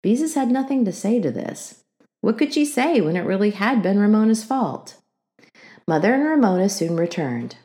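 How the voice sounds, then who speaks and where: A woman narrating a children's book aloud with expressive storytelling. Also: mid-range voice, normal speed. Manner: expressive storytelling with acted character voices.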